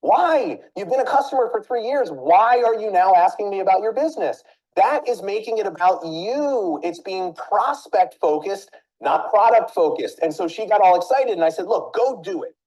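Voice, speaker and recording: A woman business coach giving a training talk, telling a story and speaking straight to her listeners with quick questions. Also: mid-range voice, low-quality recording. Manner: animated, addresses listeners directly with rhetorical questions.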